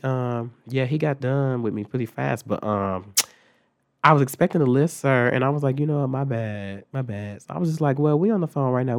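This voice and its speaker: A young man, recovering from an illness and sounding congested, telling a story casually and profanely with big jumps in pitch. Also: no room sound. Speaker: vlogger.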